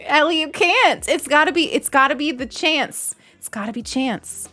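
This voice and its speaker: A woman's voice: high-pitched, lively intonation, a little slow, bright, forceful tone, soft background music. A young adult woman streamer chatting casually and giggling as she thanks donors on a live stream.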